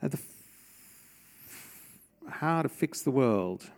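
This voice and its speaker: A man's voice: medium pitch, animated, takes it slowly, a little mellow. A middle-aged man preaching a sermon in a church, in a conversational way, asking the congregation questions. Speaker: pastor.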